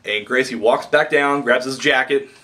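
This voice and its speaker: A man talks through a wrestling match he watched, in a loose, chatty review. He gets excited and trips over his words, restarting sentences and padding them with fillers. His voice sits at an ordinary middle pitch for a man. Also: normal speed. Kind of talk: casual spoken review.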